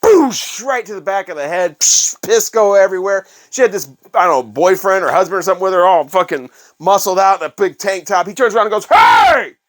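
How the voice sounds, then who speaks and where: Middle-aged male host, casual storyteller, profane and meandering, slightly high voice. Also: fast, few pauses. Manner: rambling, profane, animated anecdotes with restarts. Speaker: vinyl collector channel host.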